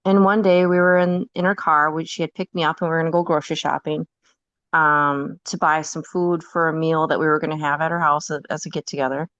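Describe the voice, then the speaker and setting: A woman's voice: sits low, little pitch movement, a little fast, a bit bright, no echo, highs cut off. A woman podcast guest in casual chat, telling a personal story candidly and often laughing.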